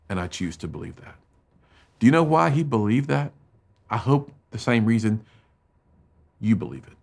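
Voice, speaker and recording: A middle-aged man with a gravelly edge speaks to students as a motivational speaker. He tells his story with feeling, swinging between loud emphatic bursts and hushed low lines, at a middle pitch. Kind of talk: emotional storytelling talk to students.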